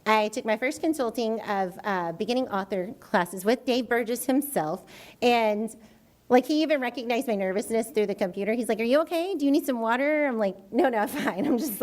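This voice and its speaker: A woman educator telling an animated story in a presentation to a school board, acting out her own quoted reactions. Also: on the high side. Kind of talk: enthusiastic public presentation. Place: school board meeting room.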